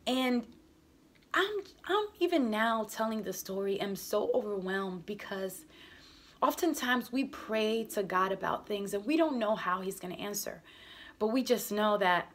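A woman's voice: mid-range voice, measured pace, fairly bright tone. A young adult woman telling her personal faith testimony in an earnest, conversational way, with many casual fillers. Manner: earnest, conversational, frequent "like" and "you know". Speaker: testimony speaker.

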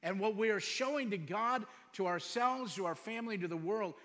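A middle-aged man preaching a sermon as pastor, firing off rhetorical questions and moving between loud emphatic lines and quiet storytelling. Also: sits high, moderate pace. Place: church sanctuary. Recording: long hall reverb.

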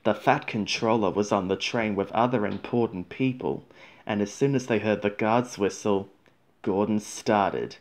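A man reading a children's storybook aloud in a gentle, measured way. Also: on the low side.

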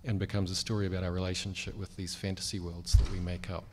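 A man's voice: deep voice, flat delivery, quick pace, a little hiss or hum. A man with a New Zealand accent, a cartoonist chatting on a convention panel in a wry, self-deprecating way with lots of fillers.

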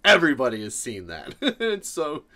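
Male reaction host, high bright voice, swooping wildly, casual and animated. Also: normal speed. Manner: animated, laughing asides to viewers.

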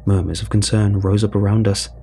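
A man narrating a scripted horror story in a measured, wry way. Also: fairly low pitch, level tone, gravelly, dark tone, slightly rough.

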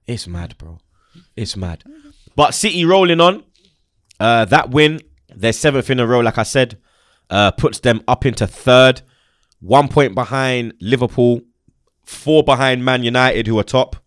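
A young man hosting a casual football chat, animated and slangy, swearing and laughing a lot. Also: medium pitch, measured pace, pauses often, dry recording, clean studio sound. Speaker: football channel host.

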